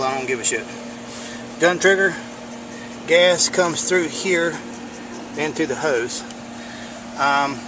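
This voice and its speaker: A man's voice: fairly high pitch, noisy background. A man giving blunt, folksy workshop commentary on welding and truck repair, swearing casually as he works. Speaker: home mechanic showing welding work.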